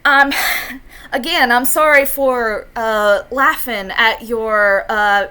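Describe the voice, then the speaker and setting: A woman voicing a slow, apologetic, courteous elderly grandparent figure who leans on a cane. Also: on the high side, pushed and bright, clear, resonant tone.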